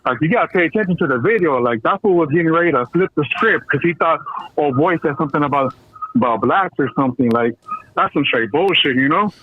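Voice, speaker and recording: A man's voice: fairly high pitch, lively intonation, fairly quick, slight background noise. Angry male caller over a tinny phone line. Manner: profane, fired-up, slangy. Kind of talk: heated call-in rant.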